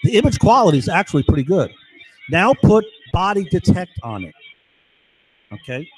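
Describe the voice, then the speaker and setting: A man's voice: high-pitched, sing-song, moderate pace, slightly rough, rough recording. A man talking in an agitated, rambling monologue while recording himself at his computer, again and again asking his listener "right?". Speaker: video blogger.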